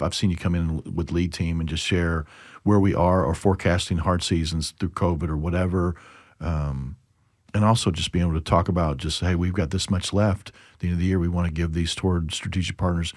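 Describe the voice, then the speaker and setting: A man's voice: low voice, fairly even intonation, brisk, dry recording, clean studio sound. A man hosting a church podcast in a casual, chatty way, praising his guest and telling jokes. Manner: chatty, tells jokes with acted voices.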